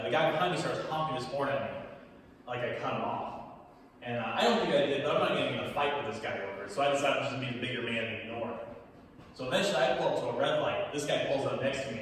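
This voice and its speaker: A young man performing a stand-up comedy set in a small theater, telling animated stories to a laughing audience. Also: medium pitch, slight background noise. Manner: animated storytelling, punchlines with crowd laughter. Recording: echoey hall from far off.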